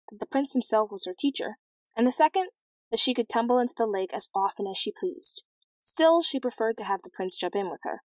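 A woman's voice: medium pitch, no echo, low-quality recording. Woman reading a fairy tale, dry sound. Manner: measured, clear and expressive. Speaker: storyteller. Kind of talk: storybook reading aloud.

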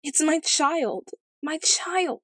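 A woman voicing a tearful, sharp-tongued queen in a storybook reading, her voice pitched up high and strained. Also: moderate pace, dry recording, studio quality, natural voice. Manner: weepy then snappish, high and strained.

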